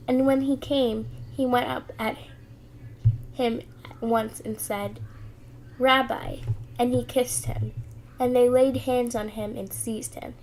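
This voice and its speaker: A woman reading scripture aloud in an earnest, steady way, with small restarts. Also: a little high, a little hiss or hum, low-quality recording. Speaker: Bible reader.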